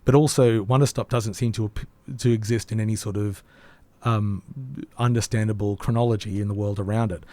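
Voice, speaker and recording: A hoarse man, co-hosting a podcast and reviewing a game in casual, rambling chat with many ums. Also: lowish voice, steady tone, brisk, dark tone. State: hoarse, voice nearly gone. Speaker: podcast co-host.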